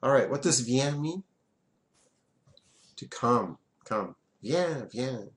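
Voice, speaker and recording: A man's voice: mid-range voice, expressive, takes it slowly. A man, teaching a French class in a classroom and having students repeat words back.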